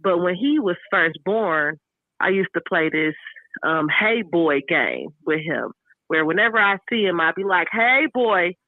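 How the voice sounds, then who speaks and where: A woman's voice: medium pitch, no room sound. A woman calls into a radio show and talks bluntly and candidly as she tells stories about her children. Her voice comes through a tinny phone line and sounds dry. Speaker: caller. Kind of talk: casual call-in chat.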